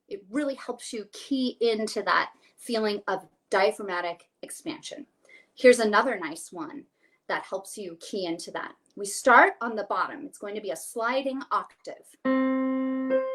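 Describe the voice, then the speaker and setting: A woman whose voice is slightly high and a bit bright coaches singing by video call. A soprano, she talks through every exercise and then sings it, keeping things light and playful.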